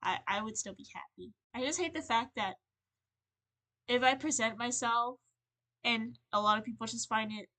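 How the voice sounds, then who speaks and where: A young woman on a livestream, venting in a rambling, halting, earnest way, full of fillers and restarts. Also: on the high side, bright, forceful tone. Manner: earnest and emotional. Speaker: streamer.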